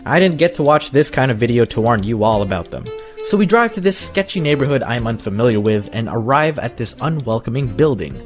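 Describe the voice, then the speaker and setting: Man in his thirties, storytime narration, sarcastic and self-mocking, very animated pitch, faint music underneath. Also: brisk.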